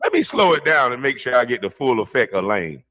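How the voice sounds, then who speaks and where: A man's voice: fairly quick, slight background noise. A man giving profane, mocking reaction commentary on a podcast. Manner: mocking, animated, mimics in shrill shouts. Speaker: podcast co-host.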